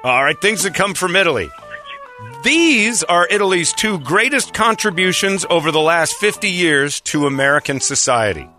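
A man hosting a radio call-in quiz, joking and quick to call out answers. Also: high voice, big pitch swings, sharp tone, soft background music. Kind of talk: playful radio banter.

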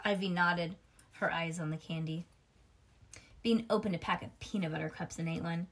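A woman reading a children's chapter book aloud in animated storybook style. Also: on the low side, normal speed.

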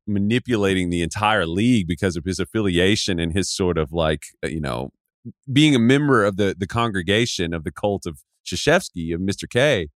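A man on a sports podcast speaks in a lowish voice, wry and hesitant, with plenty of fillers. The sound is dry and close. He chats casually as a guest. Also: no echo.

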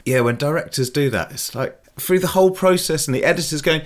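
A man's voice: fairly high pitch, fairly quick, few pauses. A man hosting a podcast, chatting casually in rambling anecdotes with quoted asides. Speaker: podcast host.

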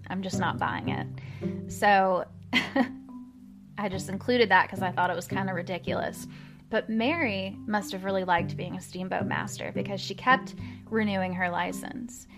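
A woman hosts a history podcast in a casual storytelling way. She reads old newspaper quotes and adds chatty, wry asides with the odd um. Music plays behind her voice. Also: medium pitch. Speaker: podcast host.

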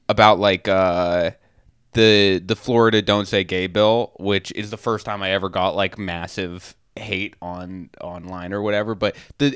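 A man's voice: lowish voice, a bit bright, smooth, no room sound, clean studio sound. A man from Massachusetts co-hosting a podcast, rambling through casual chat with self-mocking jokes and free swearing. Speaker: podcast co-host. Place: podcast studio.

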